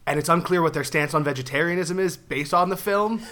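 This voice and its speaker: A man's voice: a little high, a little fast, bright, forceful tone. A man who is a comedian guest on a podcast, chatting in a rambling, self-deprecating way. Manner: rambling, self-deprecating, laughs while talking. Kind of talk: casual podcast chat.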